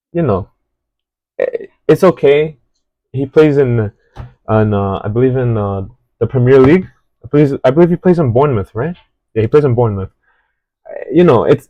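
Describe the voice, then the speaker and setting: A man's voice: medium pitch, a little mellow, no echo, highs cut off. A man casually analyzing a football match, talking in a rambling, hesitant way with many fillers and restarts. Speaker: football reaction host.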